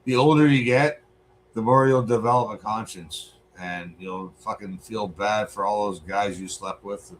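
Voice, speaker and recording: A Canadian man in his forties talks over a debate clip in a loose, profane way, full of asides and curses. His voice sits low, and a faint hiss runs under it. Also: measured pace, poor audio. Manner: blunt, swearing, rambling asides. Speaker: streamer reacting to a debate. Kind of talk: casual profane commentary.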